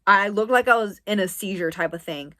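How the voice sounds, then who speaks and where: A woman's voice: medium pitch, a little fast, sharp tone. Woman, twenties, from the US East Coast: a chatty, rambling vlog storyteller who leans on "like" as filler. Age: 20s. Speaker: vlogger. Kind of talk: casual story time.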